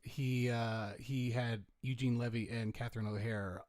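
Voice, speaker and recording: Man co-host, mid-pitched, eager rambling talker, dry close sound. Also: fairly even intonation, moderate pace, a little mellow, no room sound. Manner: enthusiastic, rambling storyteller. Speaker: podcast co-host. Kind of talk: casual chat.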